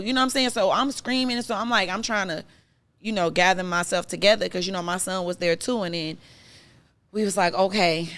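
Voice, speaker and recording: Low-voiced woman telling an emotional story. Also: clean tone. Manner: emotional, animated retelling, many fillers. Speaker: podcast guest. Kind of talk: personal storytelling in casual chat.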